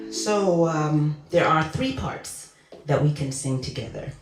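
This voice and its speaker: A woman in her forties, an earnest song leader chatting over a video call with many fillers before teaching a song. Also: low-pitched. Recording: roomy sound with guitar playing.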